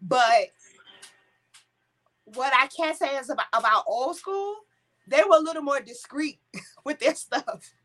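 A woman's voice: high-pitched, animated, unhurried, long pauses, fairly bright tone, low-quality recording. A woman talking in a casual chat about faith, emphatic and repeating phrases as she thinks.

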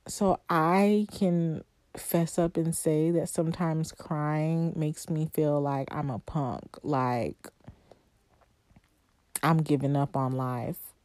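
Slow, low-voiced woman musing aloud. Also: fairly even intonation, a little mellow, no room sound, studio quality. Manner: heartfelt, conversational, with long pauses and rhetorical questions. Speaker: podcast host. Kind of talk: reflective solo podcast monologue.

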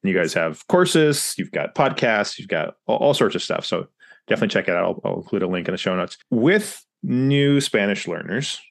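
Deep-voiced male podcast host. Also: expressive, brisk, vocal fry. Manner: casual, backchannels often with short agreements. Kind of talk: podcast interview.

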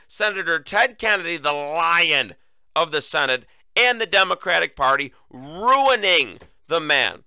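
Mocking and sarcastic, a US host delivers solo political commentary, turning to his listeners as "folks" and coughing repeatedly. His fairly high voice swings widely in pitch and is creaky and sharp, at a moderate pace. The sound is clean, without echo.

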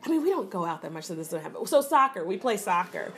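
A woman's voice: mid-range voice, sing-song, quick pace. Reflective mother rambling on a podcast. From American South. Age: older mom of a toddler. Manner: rambling, reflective, with restarts and soft laughs. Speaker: podcast co-host. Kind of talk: casual podcast chat.

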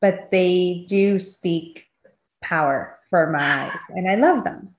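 A woman and mother in casual chat, telling animated stories and acting out quoted dialogue. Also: fairly low pitch, slow. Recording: echoey room.

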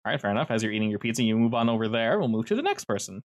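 A man running a tabletop game, describing scenes in loose, descriptive narration. His pitch sits in the middle. He often restarts his sentences. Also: big pitch swings, rapid-fire. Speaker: game master.

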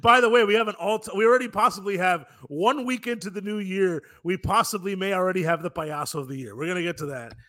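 A man hosting a casual sports talk show, jokey and quick to laugh. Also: sits high, pushed and bright. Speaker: podcast host.

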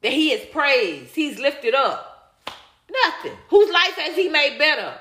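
A woman commentator with a high-pitched, sharp voice speaks slowly with big pitch swings in an echoey room. Reacting to viewer comments on a livestream, she rants bluntly and emphatically, repeats her points, and swears in a heated, casual way.

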